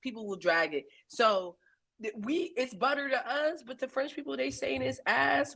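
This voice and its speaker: Animated, laughing American woman. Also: high-pitched, moderate pace, creaky, slightly rough. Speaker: podcast co-host. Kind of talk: casual chat.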